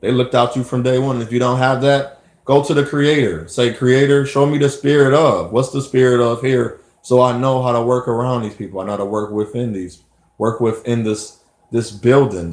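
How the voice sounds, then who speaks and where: A man's voice: mid-range voice, moderate pace, a little mellow. A man giving a rambling, repetitive motivational monologue as a vlogger sharing life advice. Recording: echoey room.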